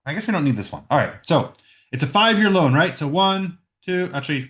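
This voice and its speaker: A math teacher with a somewhat high voice works through a problem in a recorded lesson, voicing each step and often asking "right?". He records at home on a computer microphone, sounding expressive and brisk.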